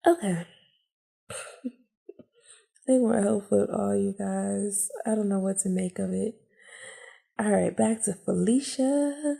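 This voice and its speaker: A woman's voice: mid-range voice, slow pace, creaky, pauses often, dark tone. A woman casually streaming a mobile game, chatting to viewers and laughing often as she reads dialogue aloud.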